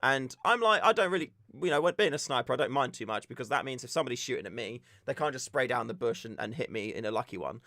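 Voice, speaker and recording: A young man from the UK chatting on a live stream, telling stories with animated back-and-forth retellings. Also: mid-range voice, fast talker, few pauses, no echo, clean studio sound. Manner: animated storytelling, acts out shouted exchanges. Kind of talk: casual live-stream chat.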